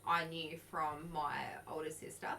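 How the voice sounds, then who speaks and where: A woman's voice: low voice, flat delivery, measured pace, bright, forceful tone, a little hiss or hum, poor audio. A woman, co-hosting a podcast and telling a story in a loose, sweary way full of likes and laughs. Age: early 20s. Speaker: podcast co-host. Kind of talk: casual storytelling chat.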